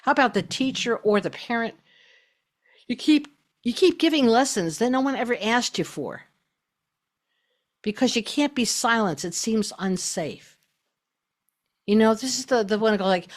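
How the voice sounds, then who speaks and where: A woman's voice: a little high, expressive, moderate pace. A middle-aged woman hosting a spoken talk on self-love, chatty and emphatic. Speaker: host.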